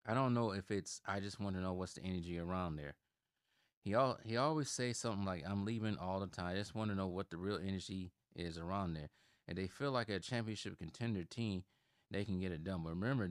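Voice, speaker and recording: This low-pitched man in his thirties, from Milwaukee, hosts a sports channel and delivers opinionated commentary. He runs heated, getting loud and emphatic when he rants. The recording is dry, with clean studio sound.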